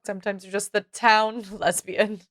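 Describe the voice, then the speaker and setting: A woman's voice: mid-range voice, little pitch movement, moderate pace, a bit bright, no echo, studio quality. A woman co-hosting a podcast, chatting casually and laughing often between words. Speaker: podcast co-host.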